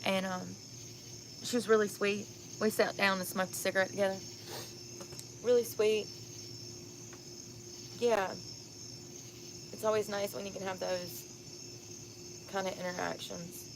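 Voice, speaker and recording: A woman's voice: medium pitch, fairly even intonation, unhurried, pauses often, noisy background. A tired, sunburnt woman vlogging outdoors at night, telling stories bluntly and candidly and laughing often. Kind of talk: casual outdoor storytelling vlog.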